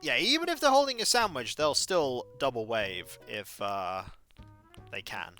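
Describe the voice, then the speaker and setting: Chatty man streaming a game, lively pitch. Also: unhurried. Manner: chatty, wry, talks to chat while playing. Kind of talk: casual live-stream commentary. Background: faint game music.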